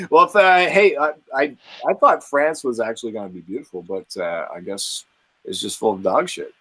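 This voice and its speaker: A man's voice: mid-range voice, normal speed, bright, forceful tone, breathy edge. A man from Canada hosting a casual podcast chat, laughing often and restarting his sentences as he talks. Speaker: podcast host.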